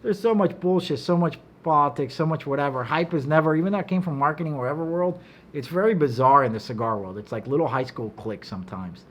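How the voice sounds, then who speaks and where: A man's voice: fairly high pitch, fast, a little hiss or hum. Blunt, profane middle-aged man. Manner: blunt and profane, animated storytelling. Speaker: cigar maker and guest. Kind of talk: casual chat. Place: office.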